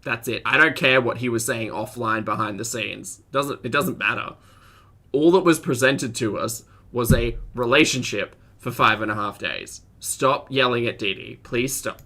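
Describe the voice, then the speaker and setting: A man's voice: medium pitch, moderate pace, sharp tone. A man doing live-stream reaction commentary, chatty, laughing often and greeting viewers in chat.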